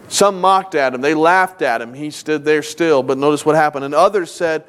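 A man's voice: fairly high pitch, normal speed, hardly any pauses, a bit bright, clear, resonant tone. A man preaching a sermon as a pastor, reading scripture aloud and acting out the people he quotes with emphatic delivery.

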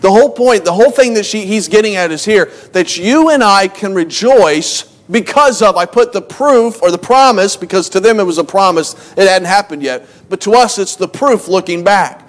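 A man's voice: high-pitched, expressive, moderate pace. A man preaching a conversational sermon, telling family stories with self-mocking asides, restarting phrases, and reading scripture in old-fashioned wording. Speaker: pastor.

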